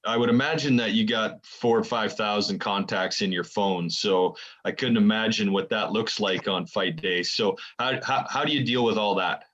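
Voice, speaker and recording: An American man hosts a podcast and puts his questions with many pauses and ums. His voice sits a bit low. The recording sounds somewhat dull. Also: a bit bright. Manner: hesitant, filler-heavy questions. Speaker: podcast host. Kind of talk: casual podcast chat.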